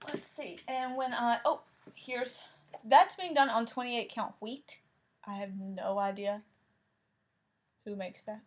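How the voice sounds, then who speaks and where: Relaxed woman chatting about her crafts. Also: a little high, slow, pauses often. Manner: relaxed, thinking aloud with small restarts. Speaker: crafting vlogger. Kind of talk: casual show-and-tell chat.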